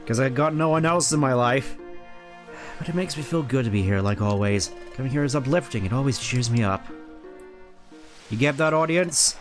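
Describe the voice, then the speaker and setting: An earnest young partner creature from a video game, kind and friendly, voiced by a man in his everyday voice. The voice sits at an ordinary pitch over faint game music. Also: animated, moderate pace, natural voice. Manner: earnest, kindly.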